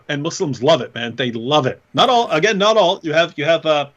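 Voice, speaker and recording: A man co-hosting a casual livestream chat, talking in an animated, mocking way and laughing often. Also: fairly high pitch, a little fast, hardly any pauses. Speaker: co-host. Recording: dull lo-fi stream audio.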